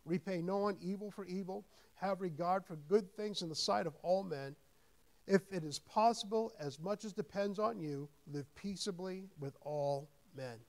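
A man's voice: high-pitched, normal speed, a little mellow. A man preaching a sermon as pastor, reading scripture aloud with rising emphasis and dropping into plain asides, often repeating words as he goes. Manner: repeats words and restarts when thinking aloud.

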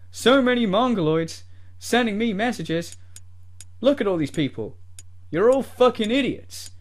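A man's voice: high-pitched, expressive, a little slow, pauses often. A man doing a parody rant as a smug, whiny male gamer YouTuber who sneers and swears at his fans. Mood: petulant.

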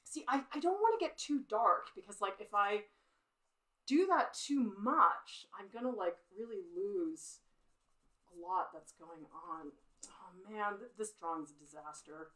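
A middle-aged art teacher talks as she draws on a live stream, keeping up a chatty, self-critical commentary and laughing at her own slips. Her medium-pitched voice is animated and fairly bright, swinging widely up and down at an unhurried pace. The recording is rough.

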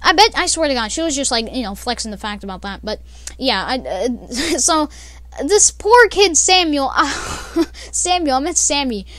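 Young woman vlogger, high animated voice, rambling storytime, dry close sound. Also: moderate pace, no echo. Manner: rambling, with many fillers and laughs. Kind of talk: casual storytime.

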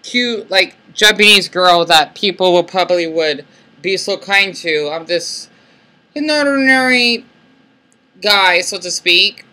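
A man in his late twenties with an American accent and a squeaky voice, talking in a soft-spoken, hesitant way with many fillers and restarts into a laptop mic in a casual vlog. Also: measured pace. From United States. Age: late 20s. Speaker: vlogger. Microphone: laptop built-in mic.

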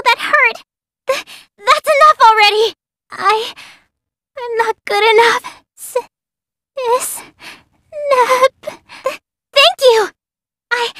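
A very high, bright voice of a timid but eager young girl warrior from a game. She shouts polite battle calls and stammers when nervous. The sound is dry and close. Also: no room sound, heavily acted. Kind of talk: game voice-line reading.

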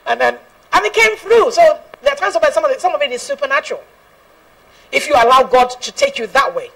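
A woman's voice: high voice, very animated, a little fast, vocal fry, far from the mic, background noise. A woman gospel singer giving an earnest personal testimony, laughing often and quoting scripture.

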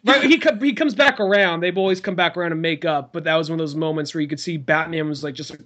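A young man co-hosting a casual podcast chat, animated and swearing freely as he retells scenes. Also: quick pace, hardly any pauses. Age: young adult. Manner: animated, swears freely, acts out quotes in a high voice. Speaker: podcast host.

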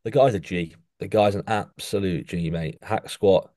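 A young man with a very deep, mellow voice chats casually as a podcast co-host and coaches in an animated way, ending nearly every line with "mate". The recording is dry and close, with no room sound. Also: normal speed, no room sound. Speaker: podcast co-host rating physiques. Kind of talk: casual chat. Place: podcast studio.

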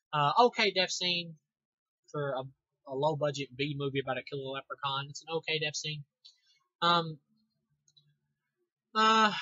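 Young dude ranting about a movie, lots of swearing, kinda sarcastic, bright voice, muffled dry lo-fi mic. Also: male voice, on the high side, dry recording. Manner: profane, rambling, sarcastic. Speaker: movie reviewer. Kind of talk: casual movie review. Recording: dull lo-fi home recording.

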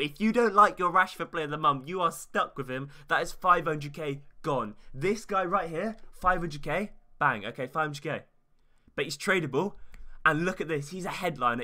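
A young man giving casual, chatty gaming commentary, talking straight to his viewers in an excited way. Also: a little high. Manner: fast, chatty, hyped, talks straight to viewers. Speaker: gaming YouTuber.

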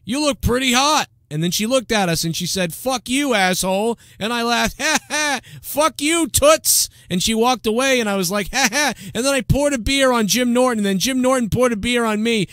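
A man's voice: very high-pitched, normal speed, few pauses, a bit bright, dry recording, clean studio sound, pitched above the performer's own voice. A man doing a mocking impression of a rowdy, cocky, beer-drinking male radio host with crude bragging. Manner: brash, rowdy, laughing braggadocio.

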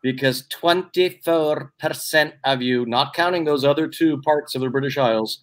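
A man's voice: fairly high pitch, moderate pace. A man in casual chat, playful and teasing, stretching out each reveal. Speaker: guest presenter.

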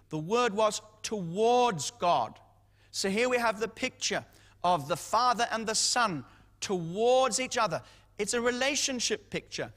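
A man with a high-pitched voice teaches from scripture in a sermon. He leans on key phrases and repeats them for emphasis. His voice carries a long reverb, as if he is in a big hall. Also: fairly bright tone. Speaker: Bible teacher.

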